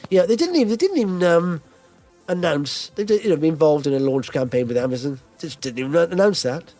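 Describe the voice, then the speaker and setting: A man's voice: fairly high pitch, lively intonation, fairly quick, warm tone, soft background music. A man hosting a podcast, chatting in a rambling, jokey way with plenty of fillers. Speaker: podcast host. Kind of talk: casual chat.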